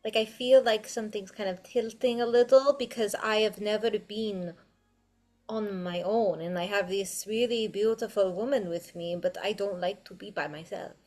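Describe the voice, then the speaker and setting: A woman's voice: medium pitch, fairly even intonation, moderate pace, a little mellow. A woman player speaking in character in a tabletop role-play, childlike and wistful.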